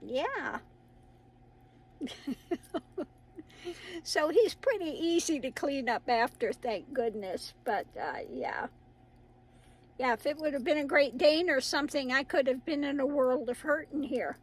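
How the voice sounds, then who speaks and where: A woman's voice: high voice, animated, measured pace, pauses often, rough recording. A middle-aged woman hosting her own channel, chatting casually to viewers in a rambling way and laughing often. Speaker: tarot reader and channel host.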